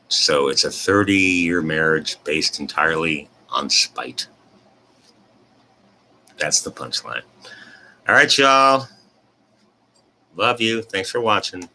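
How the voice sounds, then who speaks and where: Man, fifties, deep pitch, forceful tone, casual storytelling, self-deprecating. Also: slow pace, long pauses, a little hiss or hum. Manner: self-deprecating, animated retelling. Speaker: host.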